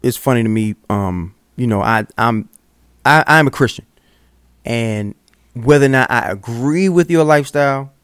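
A podcast co-host argues his point earnestly in casual chat, stumbling and restarting often. His mid-range voice is clear and resonant with a fairly bright tone at a moderate pace, recorded in clean studio sound with no echo.

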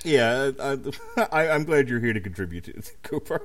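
A man's voice: mid-range voice, expressive, moderate pace, a bit bright. A man hosting a casual podcast chat, teasing his co-hosts, laughing often and swearing. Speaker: podcast host. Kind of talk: casual chat about an album.

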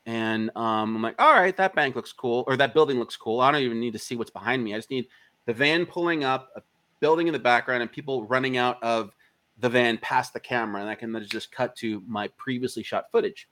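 Medium in pitch and fairly quick, an indie filmmaker shares a long story while being interviewed. His speech is casual and full of swearing, and he lively acts out what everyone else said.

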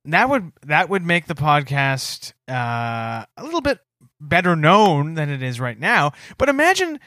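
A man's voice: on the high side, sing-song, a little slow, sharp tone, no room sound, studio quality. A man co-hosting a comedy podcast, playful and chatty, fond of silly character bits. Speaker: podcast co-host. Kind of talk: casual comedy podcast chat.

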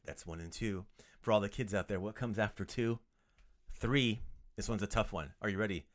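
A man with a fairly low voice hosts a podcast language lesson, keeping it playful and casual. He jokes around and repeats words slowly so learners can follow.

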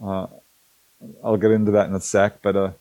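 A middle-aged man telling stories in a casual, animated way, acting out the people he quotes and laughing often. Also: lowish voice, normal speed, no echo, poor audio. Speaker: host, author on alien abduction cases. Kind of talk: casual storytelling talk.

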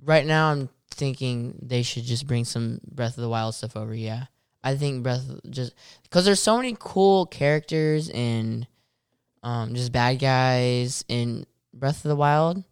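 A man's voice: mid-range voice, a little slow, smooth, no room sound, studio quality. A man in casual conversation about video games who hesitates and searches for his words. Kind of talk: casual gaming chat.

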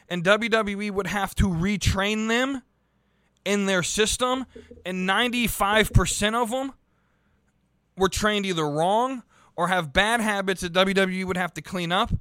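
A man's voice: high voice, pushed and bright, dry recording. Heated, foul-mouthed young man ranting. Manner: profane, heated, rambling with restarts. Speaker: podcast host reviewing wrestling. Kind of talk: casual ranting commentary.

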